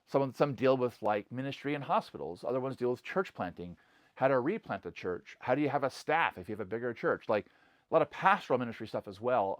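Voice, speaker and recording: A middle-aged man, a pastor, speaks in an unscripted, conversational way, stringing thoughts together with "like" and "you know." His voice sits at an ordinary male pitch with an earnest, convinced tone. The recording is dry, with no room sound. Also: no echo. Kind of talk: casual spoken reflection to camera.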